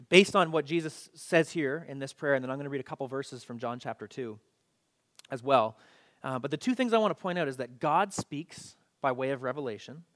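Male pastor with a mid-pitched voice, giving a casual, animated sermon full of restarts. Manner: conversational, animated storytelling with repeats.

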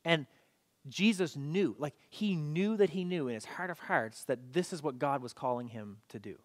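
A man preaching a sermon in a conversational, animated storytelling way, often repeating himself as he goes. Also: on the high side, normal speed. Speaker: pastor.

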